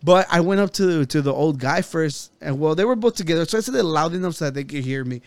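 Podcast guy rambling through a story, cussing a lot, smooth voice, dry sound. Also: a little high, expressive, quick pace, no echo. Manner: rambling, swearing, quoting himself and others. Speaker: podcast co-host. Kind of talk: casual storytelling chat.

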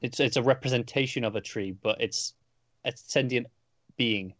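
A man's voice: mid-range voice, normal speed, a bit bright, dry recording. A man co-hosting a casual comic book podcast, hesitant and repeating words as he thinks. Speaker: podcast co-host.

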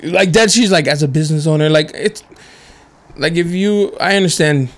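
A man co-hosting a podcast, telling stories in a loose, swearing, laughing way, his voice a bit deeper from covid. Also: moderate pace. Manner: animated, swearing, laughs often, mimics people in stories. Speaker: podcast co-host. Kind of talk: casual chat, storytelling.

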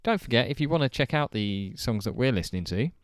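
A man's voice: mid-range voice, animated, fast, no room sound. A man hosting a podcast, chatting in a rambling, friendly way and correcting himself as he goes. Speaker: podcast host. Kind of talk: casual podcast sign-off.

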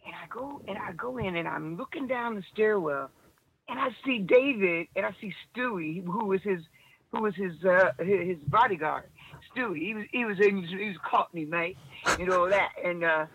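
Bright-voiced woman telling a story. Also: medium pitch, moderate pace, slightly rough, dull audio. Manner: animated, with many restarts and acted-out quotes. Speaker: interview guest. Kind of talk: storytelling in an interview.

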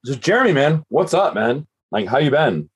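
A man's voice: on the high side, very animated, moderate pace, husky. A man co-hosting a podcast, chatting in a laid-back way and swearing freely. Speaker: podcast co-host. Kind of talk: casual podcast banter.

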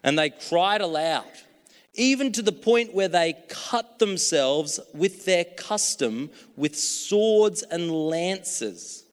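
A man's voice: sits high, lively intonation, slow, clean tone, big-room sound. A man preaching a sermon in a casual, joking, chatty way.

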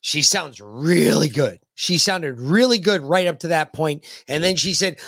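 A man co-hosting a political podcast, cursing and mocking as he rants. His pitch swoops widely from low grumbles to high outbursts. The sound is close and dry. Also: animated, a little slow, gravelly, few pauses, a bit bright, dry recording. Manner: profane, heated, mocking. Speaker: podcast co-host. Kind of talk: casual political rant.

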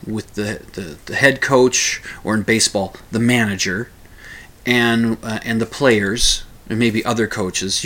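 A man's voice: mid-range voice, fairly bright tone. A man hosting a casual spoken monologue, rambling with many restarts and small chuckles.

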